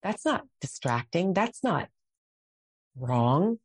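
A woman's voice: fairly low pitch, very animated, slow, slightly rough, no room sound. A middle-aged woman talking as a podcast guest, earnest and heartfelt, often restarting her sentences. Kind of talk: conversational interview.

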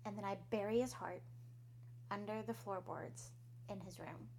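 A woman casually retelling a horror story in the first person, dropping to a hush and whispering heartbeat sounds. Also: medium pitch, normal speed, creaky, slight background noise. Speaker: podcast co-host telling a spooky story.

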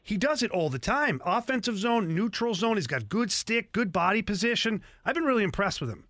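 A man co-hosting a sports radio show, teasing, playful and animated. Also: high voice, a little fast, dry recording, clean studio sound. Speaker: radio co-host, hockey analyst. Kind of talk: casual radio chat.

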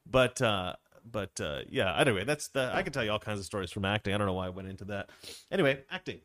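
A man's voice: on the low side, animated, quick pace, a bit bright, no echo, clean studio sound. A man co-hosting a casual chat, telling long rambling stories with frequent restarts and fillers. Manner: rambling storyteller with many restarts. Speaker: co-host.

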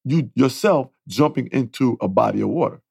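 A man's voice: medium pitch, lively intonation, moderate pace, creaky, darkish tone, slightly rough, no echo, studio quality. A man co-hosting a comedy podcast, talking in a profane, emphatic way and ranting with mock authority. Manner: profane, emphatic, keeps saying his partner's name. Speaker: podcast co-host. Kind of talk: casual comedic chat.

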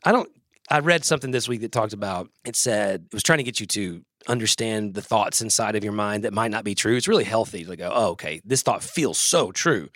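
A man's voice: fairly low pitch, fast talker, fairly bright tone, no echo, clean studio sound. A middle-aged man with a Southern US accent, a podcast guest chatting casually and rambling in a self-deprecating way. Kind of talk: casual chat.

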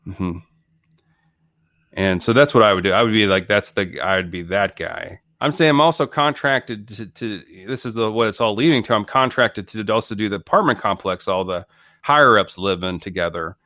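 A man's voice: on the low side, normal speed, sharp tone, no echo, clean studio sound. A man co-hosting a podcast, chatting casually and jokily about a movie, rambling with many restarts. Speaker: podcast co-host. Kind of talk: casual comedic movie chat.

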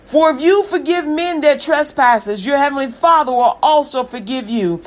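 A woman's voice: sits high, expressive, moderate pace. A woman voicing God in her sermon as a loving deity who talks in a slangy, casual way. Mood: reassuring. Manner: slangy and casual, tender reassurance.

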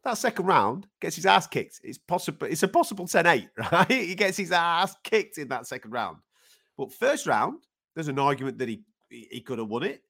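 A man's voice: on the high side, very animated, moderate pace, creaky, a bit bright. A man co-hosting a podcast in casual sports chat, enthusiastic and sweary. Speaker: podcast co-host.

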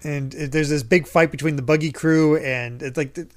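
A man's voice: a little high, steady tone, moderate pace. Laughing man hosting a comic podcast. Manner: laughs often, quotes characters animatedly. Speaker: podcast host. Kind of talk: casual chat about a comic.

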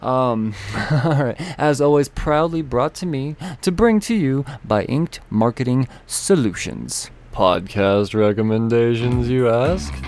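A man's voice: mid-range voice, sing-song, slow pace, a little mellow. A man hosting a comics podcast, reading sponsor spots casually, rambling and joking with himself. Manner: rambling, self-interrupting, jokey. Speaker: podcast host. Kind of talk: casual podcast reads and intro.

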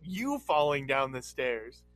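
A man's voice: mid-range voice, sing-song, slow, fairly bright tone, dry recording, soft background music. A man co-hosting a podcast who reads out topics and asks wry questions during crude banter. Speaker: podcast co-host.

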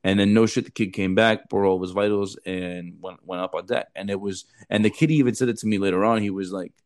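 A man's voice: lowish voice, fairly even intonation, quick pace. A man in his thirties, a former Marine recruiter and podcast host, telling blunt, profane stories and saying bro a lot. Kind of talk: casual storytelling chat.

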